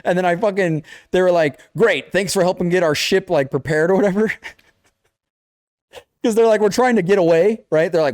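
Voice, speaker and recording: A man's voice: a little high, brisk, dry recording, studio quality. A young man co-hosting a casual chat, telling a video game story with lots of swearing and acted-out lines. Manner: animated storytelling, acts out game characters, swears a lot. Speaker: podcast co-host.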